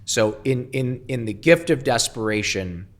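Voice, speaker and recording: A man's voice: medium pitch, lively intonation, measured pace. A man telling his life story as an interview guest, blunt and heavily profane with emphatic swings. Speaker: guest, entrepreneur.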